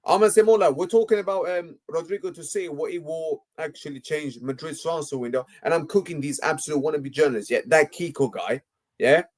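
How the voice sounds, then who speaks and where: A man's voice: on the high side, fairly quick. A young man hosting a football live stream, ranting heatedly and tagging nearly every phrase with "yeah?" and "mate". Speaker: football livestream host.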